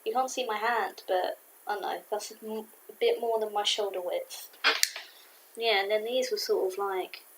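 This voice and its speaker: A woman casually reviewing a cartoon episode to camera, rambling and excitable with many fillers. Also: mid-range voice, moderate pace, noisy background. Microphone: camera mic.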